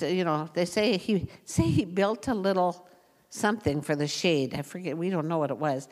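Folksy woman teaching scripture in a hall. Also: on the low side. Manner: folksy, chatty, laughs often, reads scripture aloud. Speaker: Bible teacher. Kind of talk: informal Bible teaching. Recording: long hall reverb.

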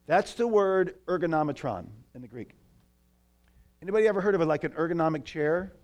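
A man preaching a sermon in a church, telling a story with lively asides to the congregation. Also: on the high side, a little fast. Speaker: pastor.

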